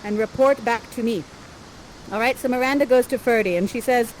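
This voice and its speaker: A woman's voice: on the high side, fairly quick, darkish tone, a little hiss or hum, poor audio. A woman performing interactive live theater, guiding the audience through the scenes in a playful, theatrical, encouraging way.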